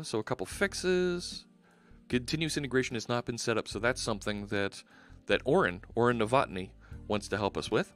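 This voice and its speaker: Male streamer, mid pitch, upbeat rambling chat over faint background music. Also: fairly bright tone. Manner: chatty, upbeat, rambling with frequent restarts. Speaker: live-coding stream host. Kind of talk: casual livestream chat while coding.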